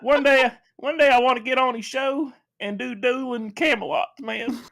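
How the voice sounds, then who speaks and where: A drawling Southern braggart, put on by a man, pitched well above his usual voice. He brags as he goes and ends lines with "man." The voice is lifted and jokey. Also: fairly even intonation, moderate pace, gravelly, pushed and bright, heavily acted. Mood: boastful. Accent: American Southern.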